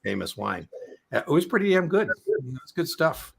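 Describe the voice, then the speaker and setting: A man's voice: a little high, big pitch swings, moderate pace, creaky, husky. A middle-aged man hosting an exam prep live stream, chatting casually and telling rambling, joking stories.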